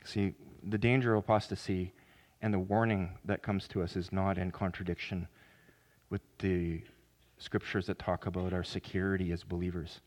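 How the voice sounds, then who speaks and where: A man preaching a sermon as pastor, earnest, with sudden loud emphatic rises. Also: low-pitched, little pitch movement, moderate pace.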